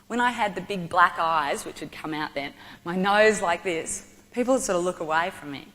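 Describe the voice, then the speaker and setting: A woman with an Australian accent telling a personal story to an audience, animated and vivid. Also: lowish voice, normal speed. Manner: lively, animated storytelling with acted-out quotes. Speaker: motivational speaker. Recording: long hall reverb.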